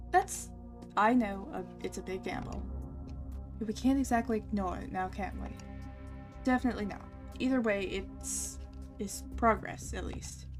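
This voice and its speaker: A woman playing through a visual novel, reading its dialogue aloud with soft asides. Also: mid-range voice. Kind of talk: let's play narration.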